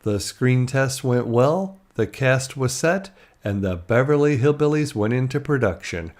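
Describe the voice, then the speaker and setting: A man's voice: mid-range voice, expressive, measured pace, a little mellow. Chatty man narrating a life story. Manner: chatty, acting out quoted lines.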